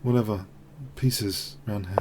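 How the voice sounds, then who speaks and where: A man thinking aloud in a halting way as he commentates his own online chess game. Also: fairly low pitch, fairly even intonation, background noise. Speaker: chess streamer.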